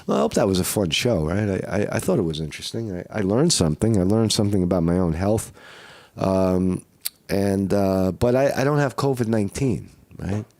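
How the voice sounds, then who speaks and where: A man with a fairly low voice and a rough, flu-sick throat, talking casually to his viewers. He rambles, swears freely and keeps asking "right?". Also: animated, normal speed, darkish tone. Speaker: vlogger. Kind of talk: casual live-stream monologue.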